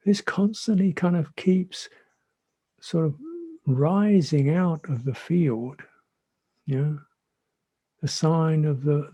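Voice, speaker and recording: A man who is a Buddhist monk teacher giving a dhamma talk in a reflective, gentle way, often repeating his phrases. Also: mid-range voice. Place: monastery meditation hall.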